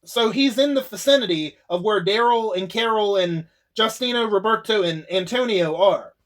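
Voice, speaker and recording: Male YouTube reviewer with a high voice, loose and chatty, swears freely, restarts sentences. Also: moderate pace, fairly bright tone. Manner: rambling, swearing, frequent laughs and restarts. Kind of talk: casual spoken episode recap.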